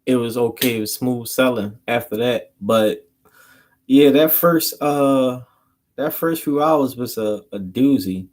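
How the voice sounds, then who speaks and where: A man's voice: mid-range voice, a little slow, a little mellow. A man, rambling through a story to his channel in loose, slangy talk. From Philadelphia. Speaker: vlogger. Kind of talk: casual storytelling to camera.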